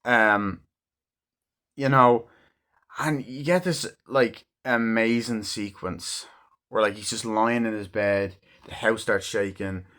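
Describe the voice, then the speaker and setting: A man's voice: lowish voice, fairly even intonation, slow pace, fairly bright tone. A man casually reviewing a film, rambling through scenes with heavy swearing and lots of "like" and "um". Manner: rambling and heavily profane; loosely retells scenes with frequent "like" and "um".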